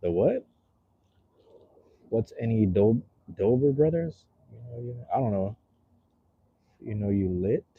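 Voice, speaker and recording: A man's voice: lowish voice, lively intonation, unhurried, long pauses, husky, phone-quality sound. A man hosting a casual livestream, chatting loosely and reading out viewers' messages, with a rambling, slang-filled manner while smoking a cigar. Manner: laid-back, rambling, reads chat aloud with slang. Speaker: livestream host.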